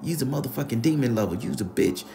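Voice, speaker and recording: A man's voice: medium pitch, lively intonation, fast, gravelly, dark tone, slight background noise, pitched above the performer's own voice. A man doing a furious screaming grandma. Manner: screaming, cursing threats.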